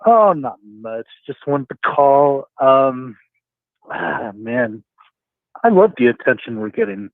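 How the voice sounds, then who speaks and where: A man's voice: medium pitch, big pitch swings, takes it slowly, no room sound. A man calling in to a sports talk show, chatty and laughing, with lots of fillers. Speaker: caller. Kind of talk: phone-in chat. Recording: tinny phone line.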